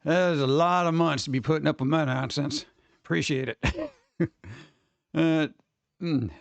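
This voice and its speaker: High-pitched guy livestreaming, rambly and excitable, dry close mic. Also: unhurried, vocal fry, dry recording. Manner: excitable and rambling, laughs often. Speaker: livestream host. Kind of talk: casual chat with live viewers.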